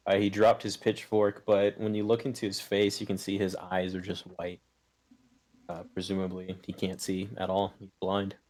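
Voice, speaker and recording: A young man narrates a tabletop game as game master in a fairly low voice. He talks in halting bursts, restarting sentences as he goes. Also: completely flat delivery, darkish tone. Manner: halting, full of fillers and restarts.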